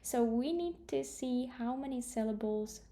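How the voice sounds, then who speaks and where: Slow, mellow-voiced woman teaching English. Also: a little high. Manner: slow, careful explaining with glosses in another language. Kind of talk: grammar lesson explanation.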